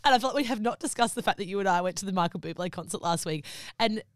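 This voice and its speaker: A young woman talks quickly and easily in a casual podcast chat, her words tumbling out with plenty of "like". Her voice sits in a middle register. She is close to the mic in a dry, deadened room. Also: mid-range voice, no echo. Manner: chatty and fast-talking, full of "like". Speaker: podcast co-host.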